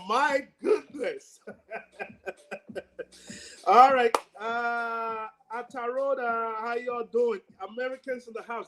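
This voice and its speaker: A man's voice: high-pitched, low-quality recording. A man with a Nigerian accent hosting a casual livestream, chatty and laughing often as he greets viewers by name. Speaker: livestream host.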